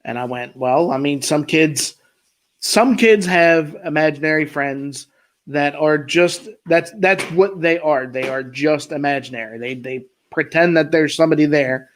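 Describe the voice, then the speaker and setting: A man with a Maryland accent, hosting a casual podcast chat and telling stories with drawn-out pauses that trail off quietly. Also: a little high, rough recording. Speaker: podcast host.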